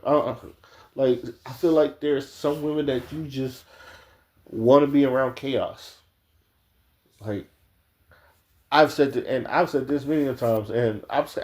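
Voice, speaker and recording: A man talks straight into the camera in a loose, unscripted opinion rant. His voice is mellow and warm, sitting at an ordinary male pitch. He swears freely and keeps stumbling into restarts and filler words as he makes his point. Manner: blunt and profane, with frequent restarts and filler "like"; speaks straight to the viewers. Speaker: video commentator. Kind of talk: casual opinion commentary.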